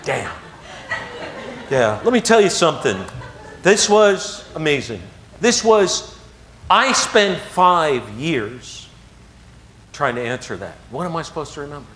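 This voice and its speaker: A man tells a personal story to a live audience. His delivery is animated and swings from hushed to excited. His voice sits fairly high and moves across a wide range. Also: slow, long pauses, slight background noise. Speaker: motivational speaker.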